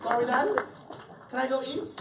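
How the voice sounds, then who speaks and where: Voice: high voice, animated, heavy background noise. A drag queen reading a storybook aloud to children at a live event, teasing and joking with the audience and drawing out the rhymes. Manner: playful, teasing, jokey; reads rhyming lines slowly and sing-song. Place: indoor event space with families. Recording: echoey room from far off, loud crowd.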